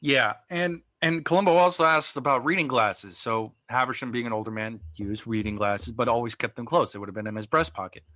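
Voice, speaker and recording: Bright-voiced man recapping a mystery episode. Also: medium pitch, a little fast, hardly any pauses, no echo. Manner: recaps plot at length, with frequent ums and uhs. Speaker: podcast co-host. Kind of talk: casual chat.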